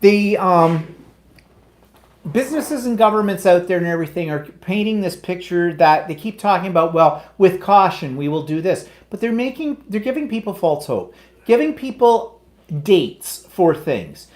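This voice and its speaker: A high-pitched man from Canada speaking at normal speed co-hosts a casual livestream chat. He reads viewer comments and rants about the news in a blunt, opinionated, animated way.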